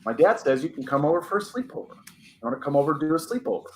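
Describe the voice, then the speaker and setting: A man's voice: a little high, very animated, very fast, a little hiss or hum. A man voicing a childhood friend in a spoken story, eager and matter-of-fact. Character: young boy, a childhood friend.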